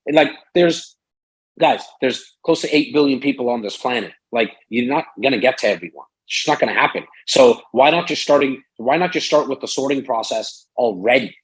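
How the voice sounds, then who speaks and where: A man talking as a guest in a casual interview, rambling and animated, with lots of fillers and acted-out quotes. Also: mid-range voice, fairly quick, breathy edge, poor audio. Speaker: real estate broker and sales strategist. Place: Toronto, Canada.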